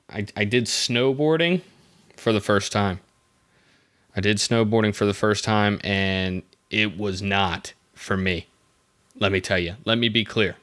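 A man's voice: on the low side, fairly bright tone, smooth. A young man hosting a podcast, telling a story in a rambling, wry, self-interrupting way. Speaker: podcast host. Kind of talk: casual comedic storytelling.

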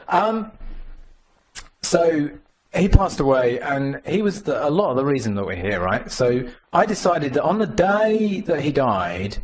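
A man giving a live conference tech talk with a demo, animated and joking, talking to the audience. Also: medium pitch. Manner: animated, jokey, mimics others in voices. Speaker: conference speaker. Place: conference room.

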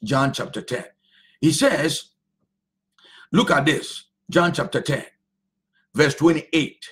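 A man's voice: on the high side, takes it slowly, a bit bright, slight background noise. A male pastor preaching a sermon, drawing out phrases and repeating them for emphasis.

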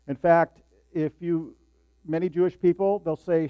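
An older male pastor gives a sermon in a friendly, conversational way, often asking his listeners questions. His voice sits fairly high. The recording is dry and dull, with a low mains hum underneath. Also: measured pace, clean tone, dry recording. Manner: conversational, asks the congregation questions.

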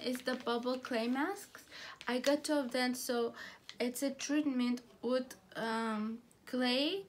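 High-voiced woman gushing over a haul. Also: a little hiss or hum. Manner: chatty, gushing, halting with restarts. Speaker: beauty haul vlogger. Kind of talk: casual product haul chat.

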